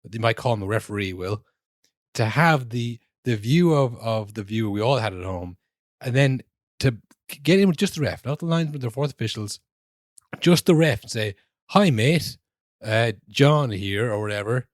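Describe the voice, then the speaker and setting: A man's voice: medium pitch, lively intonation, normal speed, no room sound, clean studio sound. A man in his twenties or thirties, co-hosting a podcast, ranting casually about football refereeing with lots of swearing and restarts. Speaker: podcast co-host.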